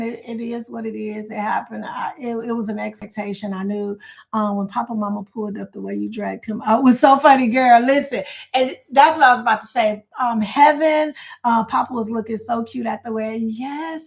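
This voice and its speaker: A woman's voice: on the high side, vocal fry. A middle-aged woman hosting a casual livestream, chatting, reading viewer comments aloud and laughing often. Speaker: livestream host.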